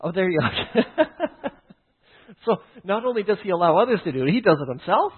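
A man's voice: high-pitched, big pitch swings, moderate pace, slightly rough. A man teaching through a personal story, often stopping to check in with "right?" and "okay?". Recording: tinny phone-like line.

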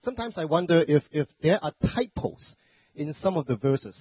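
A man's voice: on the high side, lively intonation, moderate pace, breathy edge, dry recording. A man pastor preaching a conversational sermon with a stuffy, congested voice from the flu, with joking asides and self-corrections. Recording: dry, phone-like narrow sound.

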